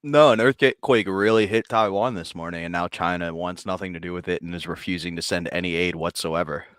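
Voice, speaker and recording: A man co-hosting a comedy talk show, telling dry, deadpan jokes. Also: deep voice, brisk, clear, resonant tone, no echo. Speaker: co-host. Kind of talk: casual comedy chat.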